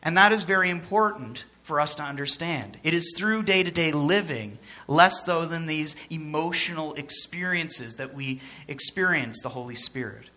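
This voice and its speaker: A man's voice: a little high, moderate pace, hardly any pauses, bright, forceful tone. A man preaching a sermon as pastor, in a conversational way with joking asides and phrases repeated for emphasis.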